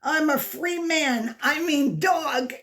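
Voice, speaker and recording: Brief: a woman doing an excitable little boy stuck as a dog, raised high voice for a storybook. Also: slow. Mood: excited. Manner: high, excited and then frightened.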